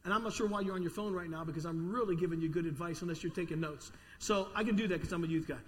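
A man preaching a sermon to his congregation, telling a story in an animated way, sometimes stammering and repeating words. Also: high-pitched, rapid-fire. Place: large church hall with an audience. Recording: long reverb of a church hall.

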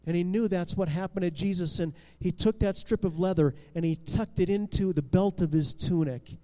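A male storyteller with a high voice recounts a Bible story with lively drama, stumbling into restarts and rising and falling in loudness. His voice carries a long reverb. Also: moderate pace. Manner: expressive, with restarts and swings in loudness.

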